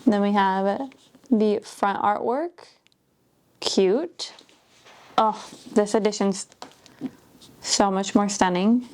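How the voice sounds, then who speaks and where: A woman chatting casually as she unboxes books, gushing, gasping and dropping into soft whispers. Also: medium pitch, fairly even intonation, takes it slowly, long pauses, slight background noise. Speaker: book vlogger.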